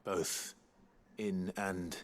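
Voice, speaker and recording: A man's voice: sits low, flat delivery, very slow. An actor playing an earnest young swordsman who speaks politely and hesitantly, a bit awkward.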